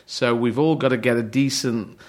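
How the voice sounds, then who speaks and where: A middle-aged man born in Yemen, a comedian chatting on a podcast, rambling and playful, slipping into quick mock voices. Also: medium pitch, fairly even intonation. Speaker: comedian guest. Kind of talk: casual podcast chat.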